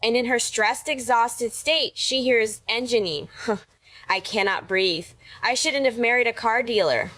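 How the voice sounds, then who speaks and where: A woman's voice: medium pitch, no room sound. A woman delivering scripted reaction commentary in a wry, sarcastic manner.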